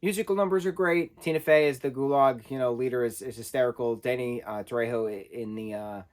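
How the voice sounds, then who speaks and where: A man's voice: medium pitch, brisk, darkish tone. A man giving a casual spoken film review, talking loosely and correcting himself as he goes. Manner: conversational, self-correcting, loosely rambling.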